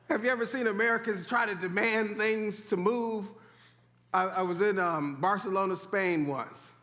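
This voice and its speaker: A man preaching a sermon in animated call-and-response style, urging the congregation to repeat after him. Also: sits high. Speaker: pastor. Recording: echoey hall.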